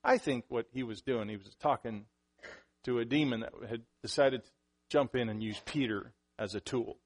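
A man's voice: medium pitch, moderate pace. Conversational preaching man. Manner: conversational preaching, rising and louder on emphatic points. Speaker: pastor. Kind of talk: sermon.

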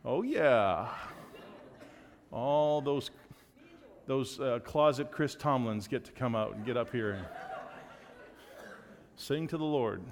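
Joking pastor in a big reverberant hall. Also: male voice, medium pitch, measured pace, long pauses. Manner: joking, upbeat, loose with fillers. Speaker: pastor giving church announcements. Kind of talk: casual church announcements. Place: church sanctuary. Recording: long reverb of a large hall.

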